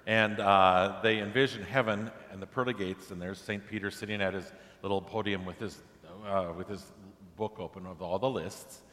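A man's voice: low-pitched, fairly bright tone, in a large hall. A man preaching a sermon in a conversational way, pushing his voice up for emphatic questions. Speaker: pastor.

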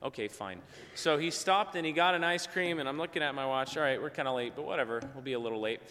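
A man's voice: medium pitch, quick pace, sharp tone, slight background noise. A middle-aged man preaching a conversational sermon, telling a story and acting out the voices of the people in it. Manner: conversational, acts out quoted voices. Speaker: pastor. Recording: long hall reverb.

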